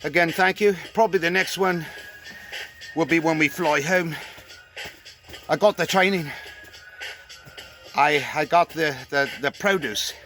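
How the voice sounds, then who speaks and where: A man's voice: fairly high pitch, measured pace, long pauses, soft background music. A man vlogging at an outdoor market bar, rambling and making fun of himself as he talks. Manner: rambling, self-mocking, jokey. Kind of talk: joking travel vlog to camera. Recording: loud live band over the voice. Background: live band playing.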